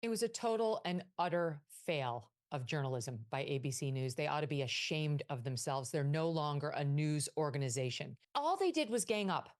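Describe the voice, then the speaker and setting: A woman political commentator answering an interview question in a forceful, indignant way. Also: deep voice, lively intonation, normal speed, few pauses.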